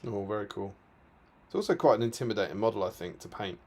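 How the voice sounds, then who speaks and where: A man, co-hosting a hobby stream in casual chat, laughing often and letting his sentences trail off quietly. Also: fairly low pitch, fast. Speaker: co-host of a tabletop wargaming stream.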